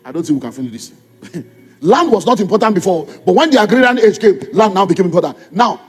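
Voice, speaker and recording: A middle-aged Nigerian-accented pastor preaches in church, firing repeated rhetorical questions at his congregation. His voice sits high, expressive and fast with a breathy edge, and the hall gives a long reverb.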